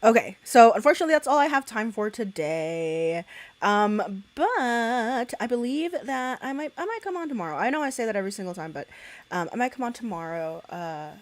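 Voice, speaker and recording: A woman's voice: fairly high pitch, expressive, brisk, dry recording. Female streamer, casual reaction chat, blunt and profane, cackling laugh, dry mic. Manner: blunt, swears freely, breaks into cackling laughs. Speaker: livestreamer.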